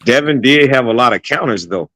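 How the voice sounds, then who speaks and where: A man giving a steady, explanatory take in a casual boxing chat as a podcast panelist. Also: mid-range voice, brisk.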